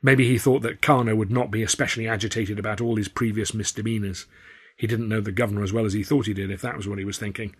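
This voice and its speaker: A man with an English accent narrating his own novel in the first person, wry and measured. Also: lowish voice, fairly even intonation, breathy edge. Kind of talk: scripted storybook narration.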